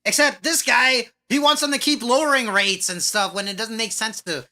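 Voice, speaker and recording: Bright-voiced man laughing through banter. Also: very high-pitched, fairly even intonation, moderate pace. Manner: laughs often, pushes back in a reasoning tone. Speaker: podcast co-host. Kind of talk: casual podcast banter.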